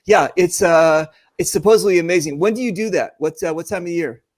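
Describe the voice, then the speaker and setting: A joking, rambling man hosts a casual chat over a video call, his voice sitting a bit high. The sound is close and dry, with no room around it. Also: fairly quick, no room sound. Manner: joking, rambling, many fillers. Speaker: host.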